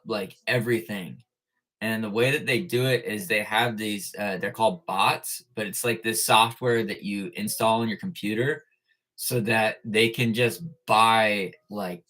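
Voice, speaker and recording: A man's voice: on the low side, a bit bright. A man hosting a casual live stream, greeting viewers one by one and talking in a loose, easygoing way with plenty of "like" and "uh". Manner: laid-back, greets viewers by name, lots of "like" and "uh". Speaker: livestream host. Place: at school.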